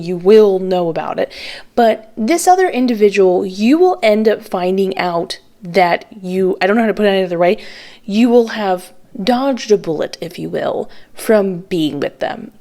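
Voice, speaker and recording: Woman, tarot reader vlogging; casual and rambling with frequent fillers, pitch jumps on key words. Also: a little mellow. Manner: chatty, many fillers, pitch jumps up when stressing words. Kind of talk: casual to-camera card reading.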